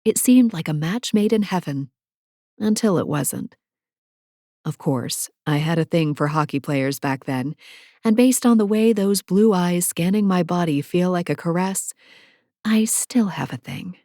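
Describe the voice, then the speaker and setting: A woman narrating a first-person romance audiobook in a measured, wry storytelling manner. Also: lowish voice, warm tone, dry recording, clean studio sound.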